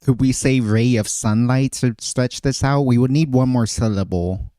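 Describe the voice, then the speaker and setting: A man's voice: mid-range voice, normal speed, dark tone, no echo, clean studio sound. A man streaming casually, thinking aloud, often trailing off and restarting his phrases. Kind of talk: casual livestream chat.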